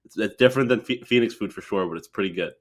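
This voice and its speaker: A man's voice: fairly low pitch, racing. A young man in his twenties, a podcast guest chatting casually and rambling with many restarts. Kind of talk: casual chat.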